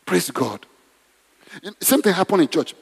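A man's voice: high-pitched, sing-song, a little slow, vocal fry, slightly rough. A man preaching a conversational sermon in a church, often asking the congregation questions. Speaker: pastor. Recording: long hall reverb.

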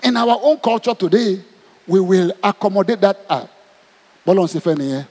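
A man's voice: high-pitched, brisk. A man with a Nigerian accent preaching a sermon, asking his congregation question after question. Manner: animated, asks the crowd questions. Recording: long hall reverb.

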